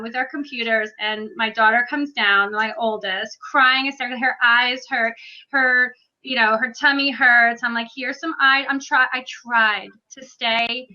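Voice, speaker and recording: A woman in a casual group chat, telling an animated, self-deprecating story about her evening as a mother. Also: on the high side. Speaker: guest mom on a coaching panel. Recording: dull lo-fi sound.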